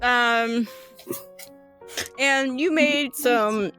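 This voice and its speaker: A woman's voice: on the high side, very slow, fairly bright tone, soft background music. A woman acting as game master, narrating a tabletop game in a playful, teasing way with frequent laughs.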